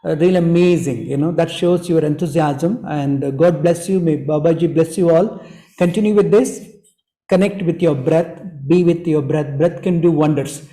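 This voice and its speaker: A man, teaching breathwork to an online group in a gentle, repetitive way that leans on "you know". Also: fairly high pitch, moderate pace, roomy sound, poor audio. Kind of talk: online group workshop talk.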